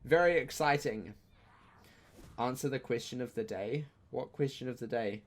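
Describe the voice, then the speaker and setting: A young man, chatting casually through a live-streamed game, joking and breaking into loud outcries. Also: mid-range voice, steady tone, a little fast. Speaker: gaming streamer.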